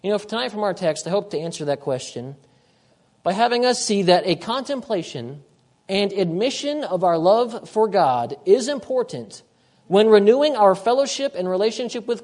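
A man preaching a sermon, emphatic, repeating his key phrases and moving between loud and hushed delivery. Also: high-pitched, expressive, normal speed.

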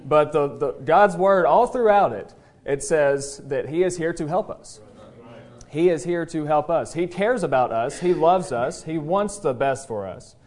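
At a church service, a pastor preaches from the pulpit in a somewhat high, slightly mellow voice with lively intonation. His folksy, conversational style includes frequent "uh" pauses while he gathers his thoughts. He tells a joke story, then presses his point earnestly.

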